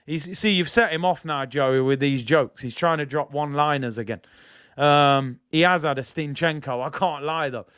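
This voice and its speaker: A young man hosting a live football watch-along, reading chat and reacting loudly to the match. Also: fairly high pitch, normal speed, clear, resonant tone, no echo, studio quality. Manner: excitable, banters with chat, shouts at big moments.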